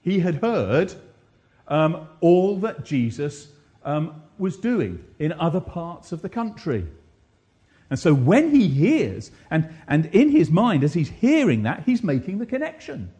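A man preaching a sermon to a congregation, animated, with rhetorical repetition and frequent questions to his listeners. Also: on the high side, a little slow. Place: church.

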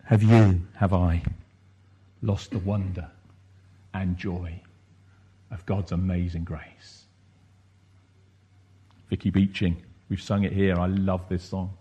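A man's voice: sits low, level tone, takes it slowly, long pauses, mellow, slightly rough. A man preaching a sermon, reflective and questioning, rising at times into impassioned bursts.

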